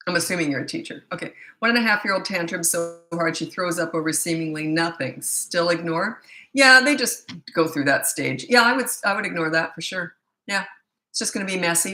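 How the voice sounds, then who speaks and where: Middle-aged lady parenting coach doing q&a, blunt and opinionated, bright tone, echoey room. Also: on the low side. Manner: blunt and opinionated, reading out questions then answering. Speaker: parenting coach answering viewer questions. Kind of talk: live Q&A, casual and blunt.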